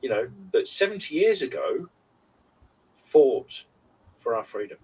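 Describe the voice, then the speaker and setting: A man's voice: mid-range voice, big pitch swings, unhurried, darkish tone, breathy edge. A man in his forties on a podcast, telling stories in a rambling, heartfelt way with many fillers. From United Kingdom. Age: 40s. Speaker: podcast co-host. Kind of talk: casual chat. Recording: slightly distant mic with faint background noise.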